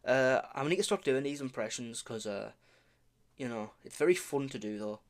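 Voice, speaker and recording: A man's voice: medium pitch, lively intonation, normal speed, darkish tone. Rambling man talking fight picks. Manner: rambling, self-correcting, stumbles over names; swears casually, offhand humor. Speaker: vlogger making fight predictions. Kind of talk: casual predictions talk.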